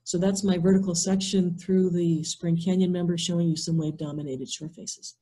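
Over a video call, a woman leads an online workshop, walking through a software demo step by step and reasoning aloud as she goes. She speaks at a normal pace in a fairly low, husky voice with little pitch movement, and the audio quality is poor.

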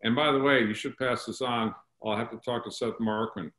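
A man's voice: medium pitch, fairly even intonation, brisk, a bit bright, echoey room, rough recording. A man hosting a podcast interview, talking enthusiastically about history and honoring guests. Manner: enthusiastic, promotional. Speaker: podcast host. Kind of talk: interview chat.

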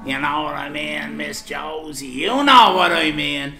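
A man's voice: on the high side, measured pace, gravelly, bright, forceful tone, reverberant, soft background music. An Irish man bantering on a live stream, rambling and teasing in local slang.

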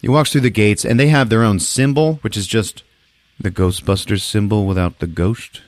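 A man hosting a podcast, retelling a movie in a jokey, laughing, animated way. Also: fairly low pitch, normal speed, no echo. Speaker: podcast host. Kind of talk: casual movie recap.

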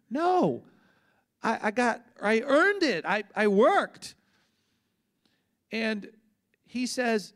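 A man in his fifties, a pastor preaching in a relaxed, conversational way with personal stories and repeated words. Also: very high voice, takes it slowly, pauses often. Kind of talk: conversational sermon teaching.

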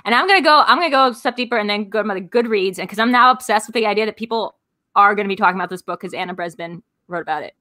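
A woman's voice: mid-range voice, pushed and bright. A woman hosting a show over a video call, chatting in a playful, teasing way. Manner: playful, teasing, quick to laugh. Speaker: show host. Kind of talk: casual chat.

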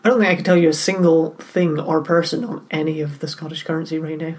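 Playful low-voiced woman podcaster. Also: fairly even intonation, fast talker, a little mellow. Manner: playful and teasing, cracks jokes. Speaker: podcast co-host. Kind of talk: casual chat.

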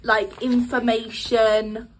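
A young woman talks straight to camera, reviewing a show she loved. Her voice sits a little on the high side, and she gushes in a chatty rush, dropping fillers between every thought. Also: flat delivery, takes it slowly. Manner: gushing, chatty, lots of "like" fillers. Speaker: vlogger reviewing a musical. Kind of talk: excited casual review.

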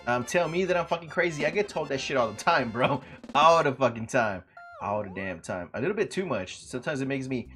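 A young man streaming a retro game, chatting casually, swearing a lot and breaking into loud outbursts, saying he is sleepy. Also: medium pitch, animated, brisk, husky, soft background music. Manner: profane, rowdy, loud outbursts and laughing.

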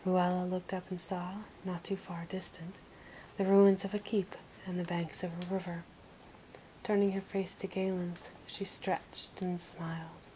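Woman whispering a storybook, low and flat. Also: unhurried, a little hiss or hum, rough recording. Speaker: audiobook reader. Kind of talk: whispered audiobook narration.

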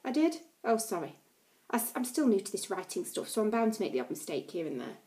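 A woman's voice: mid-range voice, very animated, fast talker, dark tone. A woman teacher reading a class novel aloud to her pupils, with playful chatty asides.

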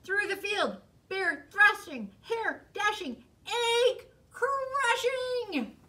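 A woman reading her picture book aloud in an expressive, sing-song, teacherly way, with fun facts in between. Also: very high voice, extremely slow, recorded from a distance.

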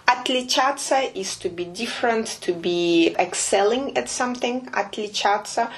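A woman runs a relaxed language lesson. She explains patiently and slowly repeats phrases, at an ordinary middle pitch. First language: Russian. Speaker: Russian teacher.

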